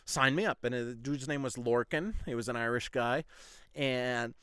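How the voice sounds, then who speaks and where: A man's voice: medium pitch, steady tone, moderate pace, fairly bright tone, clean tone, no room sound, studio quality. A man hosting a podcast, telling a story in a rambling, casual way, full of "like" and frequent swearing. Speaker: podcast host.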